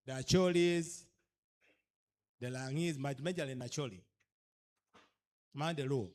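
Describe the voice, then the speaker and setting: This Ugandan-accented man's voice is medium-pitched and darkish, and his moderate pace is broken by frequent pauses. Lecturing cultural leaders at an orientation, he mixes English with a local language and emphatically confronts them with repeated rhetorical questions.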